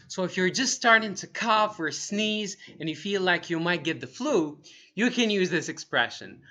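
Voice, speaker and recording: Bright, lively young man teaching English. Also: sits high, lo-fi sound. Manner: upbeat, acts out each feeling in slow demonstrations. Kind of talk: lively language lesson. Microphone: wearing earphones on camera.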